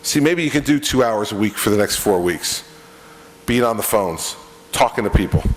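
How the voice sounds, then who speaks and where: A man's voice: on the low side, lively intonation, moderate pace. Joking man speaking in a reverberant hall. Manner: conversational, joking, direct address to the audience. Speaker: political speaker at a campaign event. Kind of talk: stump speech with storytelling. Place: event room with an audience.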